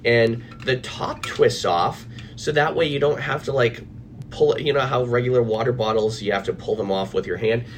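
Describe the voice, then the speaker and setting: An anxiety coach talks to his viewers from his office in a casual, animated live video chat, peppered with fillers and restarts. His voice is mid-range at a moderate pace, and some slight background noise can be heard.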